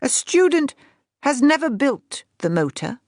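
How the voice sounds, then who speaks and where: Brief: woman doing a stern older professor, clipped commands, raised pitch, dry read. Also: sing-song, a little slow, dry recording. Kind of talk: audiobook character voice.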